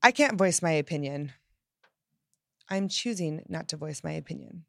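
A woman giving an upbeat motivational self-help talk, emphatic and lively, acting out the phrases she quotes. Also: low-pitched, normal speed, vocal fry, no room sound, clean studio sound. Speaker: self-help podcast host.

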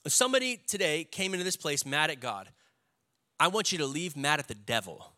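A male pastor preaching a sermon with animated delivery, acting out the voices of the people he quotes. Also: on the high side.

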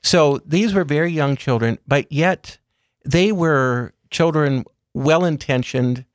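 Measured man explaining gently. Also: fairly high pitch, no echo, clean studio sound. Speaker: guest speaker on religious topics. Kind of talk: calm explanatory interview talk.

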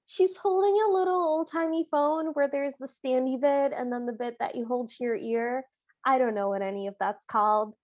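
A woman with a high, bright voice co-hosts a podcast, recapping an old cartoon in an amused and expressive way. The sound is dry and close, with no room behind it. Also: normal speed, no room sound. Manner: amused, expressive, laughs easily. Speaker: podcast co-host. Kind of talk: casual chat reviewing a cartoon.

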